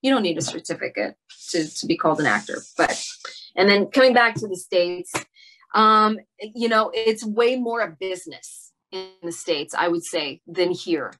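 A middle-aged actress talking through an interview in a reflective way, pausing often with fillers and restarting her sentences. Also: mid-range voice, expressive, a bit bright. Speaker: actress guest. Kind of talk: casual interview conversation.

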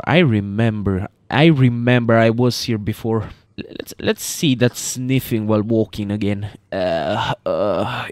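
A man's voice: lowish voice, no room sound. Joking man rambling over gameplay. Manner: joking, rambling, talks to viewers as boys. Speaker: gaming YouTuber. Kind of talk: casual gameplay commentary.

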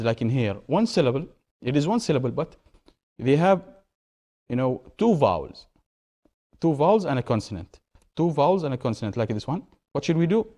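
A man's voice: mid-range voice, dark tone. A male English teacher, explaining grammar rules to a class, repeating key words and asking questions.

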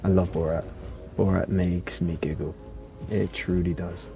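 A man's voice: sits low, fairly even intonation, a little slow, creaky, dark tone, faint music behind. Young guy rambling on a game stream, desk mic, keeps cutting himself off. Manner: rambling, self-interrupting, chatty. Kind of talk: casual livestream chat.

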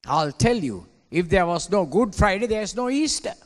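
Impassioned pastor preaching in a big hall. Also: male voice, high voice, big pitch swings, moderate pace. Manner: dramatic preaching, swinging between hushed and shouted lines. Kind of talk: sermon. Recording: long hall reverb.

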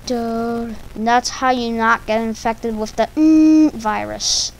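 A woman's voice: on the high side, little pitch movement, slow, vocal fry, a little hiss or hum, poor audio. A woman rambling through a silly, stumbling casual monologue for her video channel. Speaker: video creator.

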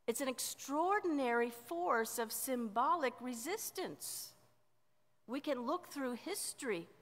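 A woman pastor preaching a sermon in a measured way, often letting line endings drop softly. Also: sits high. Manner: slow, measured preaching with soft dropped endings. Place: church sanctuary. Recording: church sanctuary with long reverb.

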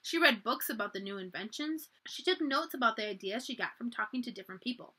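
Lively woman reading a children's book. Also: a little high, fast, husky. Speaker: library storyteller.

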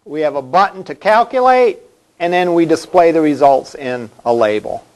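A man's voice: a little high, lively intonation, normal speed. A male college instructor giving a classroom lecture in a conversational way, asking the class questions as he goes.

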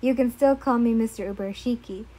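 A woman's voice: a little high, quick pace, warm tone, lightly acted, poor audio. A woman voicing a kindly older man who heads a household, courteous and fumbling over names, in a read-aloud fan story.

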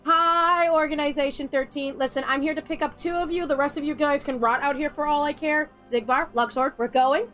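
A woman's voice: high-pitched, steady tone, fairly quick, hardly any pauses, a bit bright, soft background music. A young woman giving casual, sarcastic gameplay commentary, swearing freely and laughing often. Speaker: let's play streamer.

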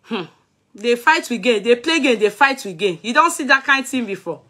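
A woman's voice: fairly high pitch, lively intonation, moderate pace, pushed and bright. A middle-aged Nigerian woman vlogging in casual chat, playful, laughing often and breaking into song. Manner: playful, sings snatches and mixes in Yoruba and Pidgin.

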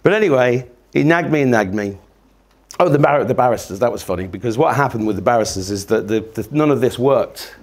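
A man's voice: medium pitch, lively intonation, fairly quick. A man, giving a sweary, rambling, self-mocking comic talk to a live audience. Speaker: podcast host giving a talk.

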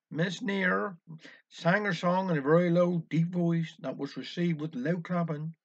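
A man's voice: a little high, steady tone, a little slow. A man with a Cornish accent telling a wry village dialect story. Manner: wry, anecdotal. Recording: dull lo-fi recording.

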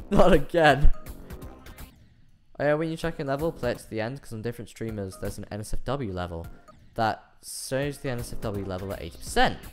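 A man's voice: medium pitch, lively intonation, brisk, soft background music. A British man streaming a game live, chatting casually, laughing often and reading chat messages aloud.

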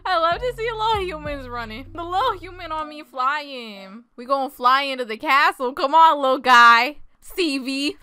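Young woman, gaming commentary, excitable, shrieky, high-pitched, bright tone. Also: moderate pace, few pauses. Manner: excitable, shrieks and laughs often. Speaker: gaming YouTuber. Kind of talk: casual gameplay commentary.

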